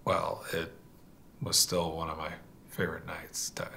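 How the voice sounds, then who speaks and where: An actor playing a grown son speaking quietly and hesitantly to his dying father. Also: very deep voice, monotone, a little slow, creaky, a little hiss or hum, exaggerated voice. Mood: tender. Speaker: adult son. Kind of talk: film drama dialogue.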